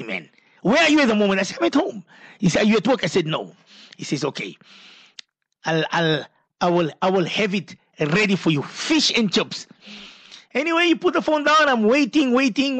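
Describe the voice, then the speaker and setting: Male call-in radio host, chatty storyteller, bright voice, dry studio sound. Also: sits high, no echo. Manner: chatty, storytelling, frequent coughs and throat clearing. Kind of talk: casual radio talk, reading listener messages.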